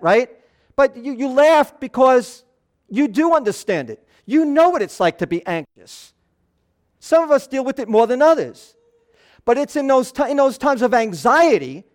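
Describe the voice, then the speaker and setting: Pastor, man, higher-pitched nasal voice, earnest chatty sermon delivery. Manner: earnest, loose asides and restarts. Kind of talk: conversational sermon.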